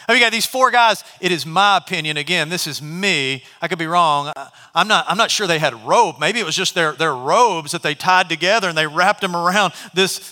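Male pastor, high and bright, animated sermon storyteller, reverberant church hall. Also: quick pace, few pauses. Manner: animated storytelling, acts out characters. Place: church sanctuary.

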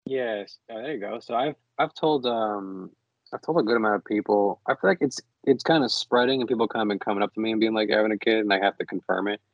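A young man with a lowish voice chats loosely on a podcast, rambling and laughing. His voice comes through a slightly dull mic in a dry, dead room. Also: quick pace, dry recording. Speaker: podcast co-host. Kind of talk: casual chat.

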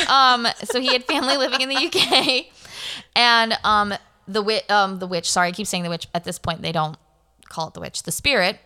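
A woman's voice: mid-range voice, brisk, bright, forceful tone. A woman hosting a podcast, telling a spooky story in casual chat, rambling with lots of fillers and correcting herself. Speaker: podcast host.

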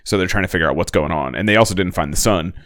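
Casual co-host, male, very low voice, dry close sound, animated. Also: very fast, no room sound. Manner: animated, laughs often, acts out lines. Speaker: podcast co-host. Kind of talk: casual chat recapping a TV show.

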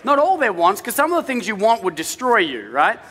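Middle-aged guy pastor preaching, kinda high bright voice, casual jokey sermon, big echoey church hall. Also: very animated, fairly quick, husky. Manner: conversational preaching with humorous family anecdotes.

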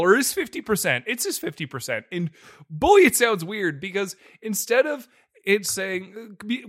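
A man's voice: high-pitched, a bit bright, dry recording, studio quality. A man co-hosting a podcast, reviewing a movie in casual, mocking chat full of swearing. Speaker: podcast co-host.

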